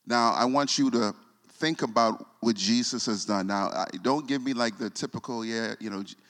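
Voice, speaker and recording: Brief: male pastor, forties, mid-pitched, emotional sermon storytelling, long church reverb. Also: normal speed. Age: 40s. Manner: repeats words and restarts, voice drops soft when moved. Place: church sanctuary.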